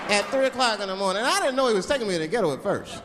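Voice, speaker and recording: A male stand-up comedian performing an animated set on stage before a live audience, slipping into voices. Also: sits high, very fast. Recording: live hall with crowd noise.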